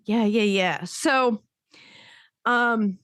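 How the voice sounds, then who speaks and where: A woman's voice: on the high side, extremely slow, a bit bright, clear, resonant tone, no room sound. A woman co-hosting a podcast in casual chat, rambling with frequent restarts and laughs. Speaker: podcast co-host.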